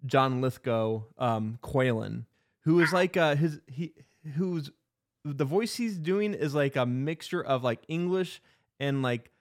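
A man's voice: medium pitch, lively intonation, takes it slowly. A man casually retelling a movie's plot, rambling with lots of fillers and restarts. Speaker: podcast co-host.

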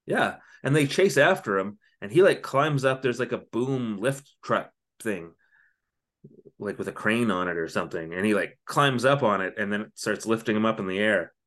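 Retelling a TV episode in a casual chat, this podcast co-host rambles on with plenty of fillers and side comments. He sounds lowish, animated and a bit bright, speaking at an ordinary pace.

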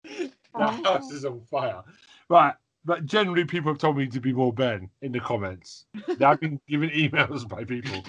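A man's voice: medium pitch, a little fast, a bit bright. A man hosting a casual podcast, laughing at himself and swearing often as he chats with his co-hosts. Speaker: podcast host.

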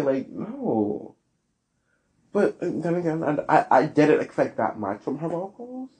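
A man hosting a solo podcast, giving blunt, sassy opinions with big swings in pitch. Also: mellow. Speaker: podcast host.

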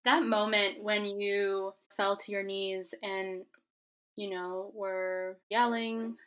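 A woman interviewing a guest, asking measured, probing questions. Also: medium pitch, flat delivery, a bit bright.

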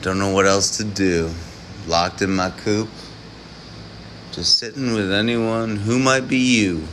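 A man's voice: fairly low pitch, steady tone, slow pace, a bit bright, slight background noise. A man live streaming late at night, rambling and preaching in improvised rhymes and chuckling between lines.

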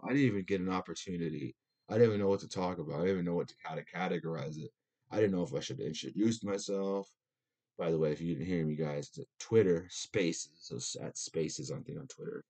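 A man's voice: deep voice, mellow, breathy edge. A young adult man hosting a podcast, ranting in casual chat with lots of swearing and restarts. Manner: profane, rambling, lots of restarts. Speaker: podcast host.

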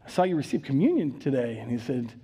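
A man with a Minnesotan accent preaching a sermon in a church, earnest, reading scripture with dramatic rises and leading prayer in a hushed voice. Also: mid-range voice, very animated, quick pace, slightly rough. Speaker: pastor. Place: church sanctuary.

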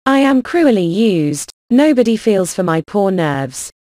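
A woman's voice: medium pitch, sing-song, unhurried, a little mellow, no echo, studio quality. A woman voicing a fretful, self-pitying middle-aged mother in an audiobook, whining and dramatic. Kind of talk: audiobook character reading.

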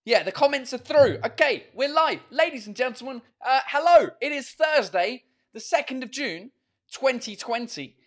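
A man's voice: very high voice, lively intonation, normal speed. A man hosting his own podcast and live show in casual chat. He rambles, swears freely and mocks himself.

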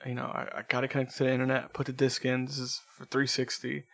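A man's voice: mid-range voice, monotone, fast talker, vocal fry, fairly bright tone. A man co-hosting a casual chat, telling rambling stories with swearing and frequent laughter.

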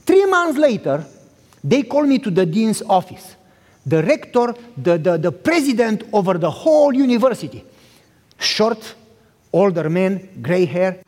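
A man with an accent preaching a storytelling sermon, animated and addressing the listeners directly. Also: sits high, a little slow. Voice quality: accented speech. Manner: animated, acts out dialogue, talks directly to the listeners. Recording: reverberant hall.

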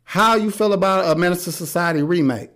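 A podcast host with a high-pitched, slightly bright voice talks briskly. He keeps the chat casual while being blunt, profane and strongly opinionated.

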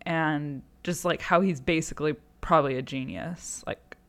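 A person in casual podcast chat, playful and quick to laugh. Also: medium pitch.

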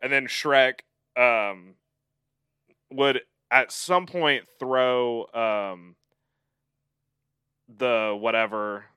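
A man's voice: mid-range voice, drawn-out words, pauses often, bright, forceful tone, clean tone, dry recording, studio quality. A man on a podcast talking casually, rambling and hesitant with lots of ums. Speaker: podcast co-host. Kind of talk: casual chat.

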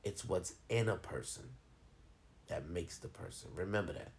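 Gravelly low-voiced man telling stories. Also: moderate pace, a little hiss or hum. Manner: profane, animated and rambling. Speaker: vlogger giving advice. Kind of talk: casual storytelling monologue.

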